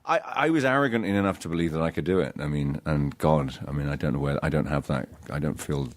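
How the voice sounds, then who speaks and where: A middle-aged man, a guest actor on a casual podcast interview, who tells stories in a halting, self-deprecating way, often restarting his sentences. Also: very deep voice.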